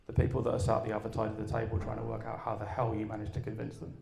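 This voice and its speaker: A man speaking at a live event, telling a story and asking his audience questions in an energetic way, then taking questions. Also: on the low side, very fast, gravelly. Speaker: conference speaker. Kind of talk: live talk and Q and A.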